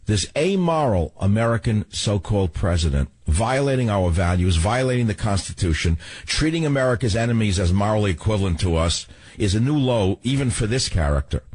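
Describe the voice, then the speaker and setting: A man's voice: on the low side, darkish tone, slightly rough, no room sound. A man hosting a talk radio show, delivering a combative, ranting monologue full of rhetorical questions.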